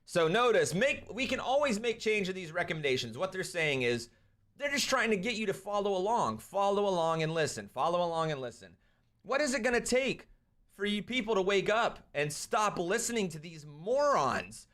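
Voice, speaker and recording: A young man hosting a live stream, ranting and commenting on a clip, swinging between loud outbursts and quieter asides. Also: high-pitched, big pitch swings, moderate pace. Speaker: streamer host.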